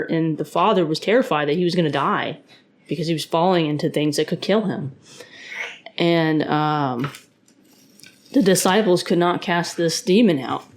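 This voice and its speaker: A woman hosting her own podcast, talking casually and earnestly about faith, rambling with frequent restarts and fillers. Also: lowish voice. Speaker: podcast host; parent of a young son.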